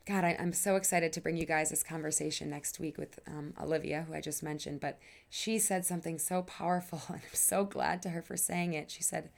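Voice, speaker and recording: Gravelly-voiced woman hosting a heartfelt podcast. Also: deep voice, fairly even intonation. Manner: earnest, emphatic, drawn-out phrasing with sighs; swears casually. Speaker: podcast host. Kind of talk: personal podcast monologue.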